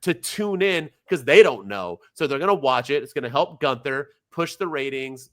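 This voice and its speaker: Animated man co-hosting a podcast. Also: mid-range voice. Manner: animated, throws rapid questions at his co-host. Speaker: podcast co-host. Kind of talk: casual wrestling chat.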